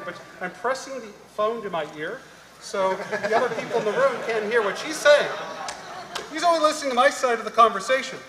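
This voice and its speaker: A middle-aged man on a conference panel, telling an animated story and acting out the people in it. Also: high-pitched, a little fast. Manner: animated anecdote-telling, acting out quoted voices. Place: large conference hall. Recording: echoey hall, live panel mic.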